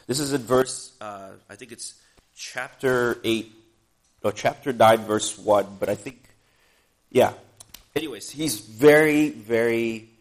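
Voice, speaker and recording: A man preaching a sermon in a church in a relaxed, conversational way, pausing for an interpreter and adding joking asides. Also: mid-range voice.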